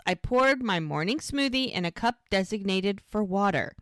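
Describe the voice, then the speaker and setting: A woman co-host chatting casually about a TV show, retelling scenes with lively, animated delivery and playing each character's lines. Her voice sits mid-range for a woman. The recording is close and dry. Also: medium pitch, moderate pace, few pauses, no echo. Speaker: podcast co-host recapping a TV show.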